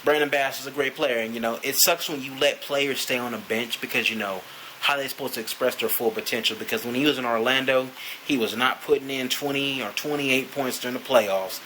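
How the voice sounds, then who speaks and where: A man's voice: medium pitch, fairly even intonation, fairly quick, pushed and bright, a little hiss or hum, low-quality recording. A man ranting casually to camera as a sports fan, profane and rambling, with lots of "you know" fillers.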